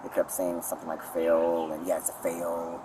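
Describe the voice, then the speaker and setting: A man's voice: deep voice, monotone, moderate pace. A man rambling to a police officer outdoors in a park, repeating himself, recorded from a distance on a body camera. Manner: rambling, repeats "literally" and "I was like". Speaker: suspect talking to police. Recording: distant body-cam audio, outdoor noise.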